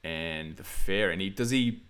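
A man's voice: low voice, moderate pace, noisy background. A man hosting a casual film review podcast, rambling with lots of fillers and frequent laughs. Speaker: podcast host.

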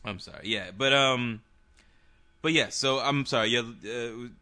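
A man co-hosting a podcast in casual chat, animated and profane, rambling with frequent restarts. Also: medium pitch, unhurried, no room sound. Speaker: podcast co-host.

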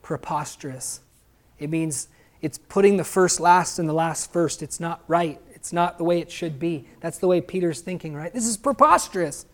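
A man's voice: on the high side, steady tone, normal speed, darkish tone. Male pastor asking rhetorical questions. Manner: explanatory, asks the listeners rhetorical questions. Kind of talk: sermon.

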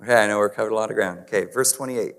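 A man's voice: lowish voice, racing, fairly bright tone. Man preaching in a reverberant hall. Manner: conversational preaching, asks the congregation to respond. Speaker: pastor. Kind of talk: sermon.

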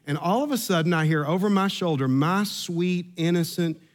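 A man's voice: high voice, normal speed. A middle-aged man, preaching a sermon and telling a humorous personal story, earnest and given to repeating words. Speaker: pastor.

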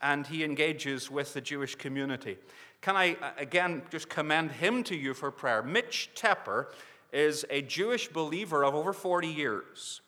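A man's voice: on the high side, expressive, normal speed, sharp tone, big-room sound. A man making an earnest mission appeal from the pulpit, pleading with the listeners again and again for prayer and support. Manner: earnest, urging with repeated pleas. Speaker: mission society speaker. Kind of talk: sermon appeal.

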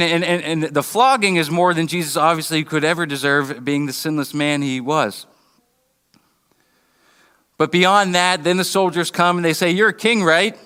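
A man preaching a sermon, earnest and halting, often restarting his words and briefly acting out mocking voices. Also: on the high side, sharp tone, clear, resonant tone, big-room sound. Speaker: pastor. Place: church building.

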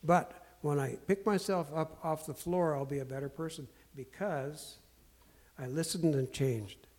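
A man telling candid stories in a self-deprecating, earnest way, halting often with fillers and restarts. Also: on the high side, a little mellow. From Portland area. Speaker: speaker sharing life lessons. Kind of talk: candid storytelling talk.

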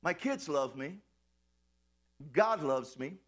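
A man preaching a sermon, animated and playful, swinging into shouts and laughs as he tells the story. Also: on the high side, slow pace. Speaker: pastor.

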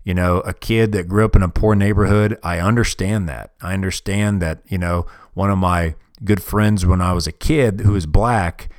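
A podcast host in his forties delivers a casual monologue in a low, steady voice at normal speed with hardly any pauses. He rambles bluntly and profanely, often restarting sentences. It's recorded on a podcast microphone with dry, studio-quality sound.

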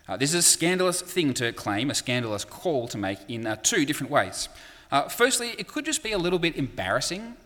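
A man's voice: medium pitch, a bit bright, long reverb tail. A man preaching a sermon in a conversational way, with frequent fillers and acted-out quotes.

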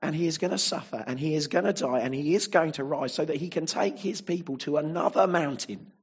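Man preaching, husky and a little high, leans on tag questions. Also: a little fast. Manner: emphatic, with frequent rhetorical tag questions. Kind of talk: sermon.

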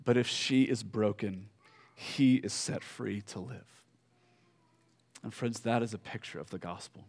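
A man preaching a sermon, telling a story slowly with fillers and pauses, dropping soft at solemn moments. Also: on the low side. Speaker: pastor.

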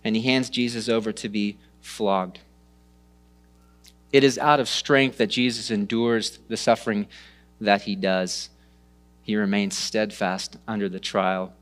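A man preaching a sermon, retelling stories with lively rises and hushed drops. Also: on the low side, unhurried. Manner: animated storytelling, dropping to hushed tones. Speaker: pastor.

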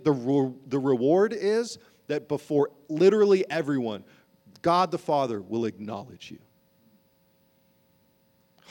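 A man preaching a sermon as a pastor, impassioned, moving between emphatic lines and hushed ones. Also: high-pitched.

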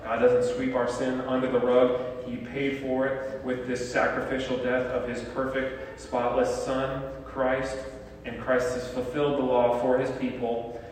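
A male pastor at a mid pitch delivers a teaching sermon, building his points through repeated rhetorical questions. He sounds distant from the microphone, and his voice rings with a long, echoing reverb from the sanctuary. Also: monotone, measured pace, a little hiss or hum. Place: church sanctuary. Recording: echoey hall from far off.

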